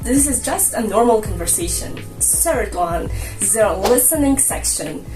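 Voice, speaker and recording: A woman's voice: mid-range voice, animated, a little slow. A woman coaching viewers on an English exam in a chatty, jokey way, a native Russian speaker. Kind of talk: casual explainer narration. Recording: roomy, a bit distant from mic, light music.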